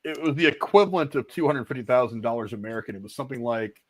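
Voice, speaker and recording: A man's voice: medium pitch, animated, racing, dry recording, low-quality recording. A man hosting a casual movie review podcast, swearing freely as he reads out film trivia.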